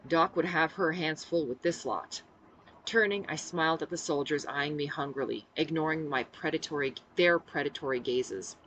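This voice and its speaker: A woman's voice: low voice, moderate pace, fairly bright tone, a little hiss or hum, rough recording. A woman reading her own novel aloud in the first person, voicing the dialogue expressively. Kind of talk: audiobook-style first-person narration.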